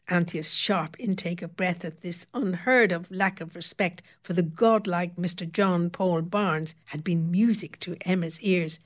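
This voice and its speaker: Woman narrating a story, lowish voice. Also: measured pace. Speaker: audiobook narrator. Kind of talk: scripted narration.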